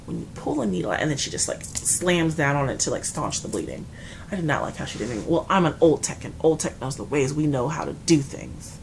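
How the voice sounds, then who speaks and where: Woman vlogger, low gravelly voice, animated casual storytime. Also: brisk, a little hiss or hum. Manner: animated retelling, acts out dialogue. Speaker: vlogger and lab tech telling a work story.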